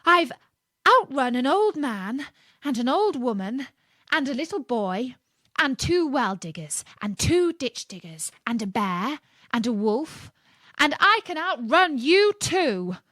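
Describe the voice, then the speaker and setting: A cheeky little gingerbread man boasts in a high, singsong voice, as a woman reading a storybook puts him on. His bragging is loud and sails up and down, in a dry, close room. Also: big pitch swings, takes it slowly, dry recording, full character voice. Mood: boastful.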